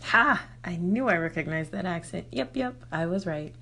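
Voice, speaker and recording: A woman's voice: on the low side, animated, normal speed, creaky, sharp tone. A woman from Arizona leaving an earnest, reflective voice message for a podcast host, with many "you know"s. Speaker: caller to the podcast. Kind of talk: casual voice message.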